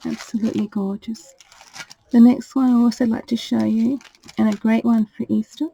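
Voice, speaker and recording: A woman presenting her craft purchases in a casual show-and-tell, talking in a gentle, gushing way. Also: a little high, fairly even intonation, normal speed, vocal fry, breathy edge, low-quality recording. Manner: gentle and gushing, fond of "little".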